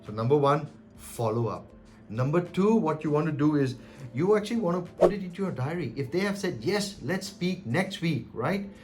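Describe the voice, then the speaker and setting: A man's voice: a little high, moderate pace, faint music behind. A man coaching on cold calling, talking emphatically and acting out sample calls. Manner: animated, emphatic, acts out calls. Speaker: sales coach. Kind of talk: direct-to-camera coaching talk.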